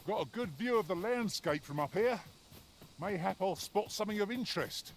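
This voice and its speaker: A hearty travelling companion in a video game chats in old-fashioned phrasing. His voice sits a little high. Faint noise hangs under him. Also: animated, moderate pace, vocal fry.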